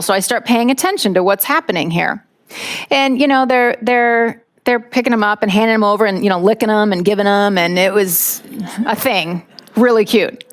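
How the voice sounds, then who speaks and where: A woman, around her forties, from the United States, telling a personal story in a talk with lively acted-out moments. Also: a little high. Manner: lively storyteller, acts out voices. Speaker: speaker.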